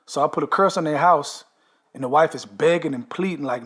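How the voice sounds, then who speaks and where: This storyteller's voice sits on the high side, husky, fairly bright, and brisk. He describes a dream at length in a casual, emphatic monologue, frequently tacking "man" and "okay" onto his sentences.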